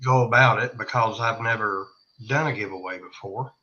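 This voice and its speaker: A man's voice: fairly low pitch, pushed and bright. A man appearing as a guest on a live podcast, speaking politely and without hurry. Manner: unhurried, polite and friendly. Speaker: guest YouTuber. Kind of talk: casual live podcast chat. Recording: dull lo-fi call audio with faint noise.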